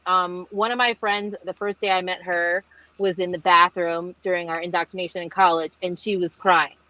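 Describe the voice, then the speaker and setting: A woman's voice: lowish voice, normal speed, no room sound, low-quality recording. Chatty young woman telling stories. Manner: chatty storytelling, lots of fillers, animated quotes. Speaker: marine engineer and mentor. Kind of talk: webinar panel answer. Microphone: video call.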